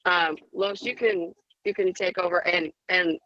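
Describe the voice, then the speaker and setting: A woman trading coach speaking on a group call, emotional and hesitant, with many pauses. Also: on the low side, fairly even intonation, sharp tone, dry recording. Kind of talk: casual talk on a group call. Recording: dry, dull, lo-fi sound.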